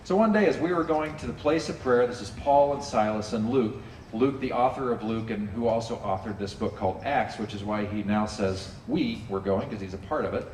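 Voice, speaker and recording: A man preaching a sermon to a congregation in a relaxed, conversational way, often asking listeners to join in. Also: lowish voice, brisk, slight background noise. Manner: conversational, animated, drops in playful character asides. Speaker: pastor. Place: church sanctuary with a congregation. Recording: roomy hall, distant mic, faint ambience.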